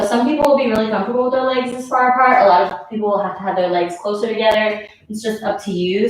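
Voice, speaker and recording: A woman leading a yoga class, out of breath as she gives casual, encouraging cues and counts down the breaths. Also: medium pitch. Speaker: yoga instructor. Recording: very echoey room, mic far off.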